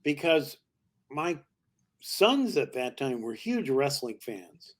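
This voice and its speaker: An older male comedian as a podcast guest, telling long showbiz stories in a lively way and slipping into character voices. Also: medium pitch, slow. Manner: lively raconteur who slips into character voices. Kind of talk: anecdotal storytelling.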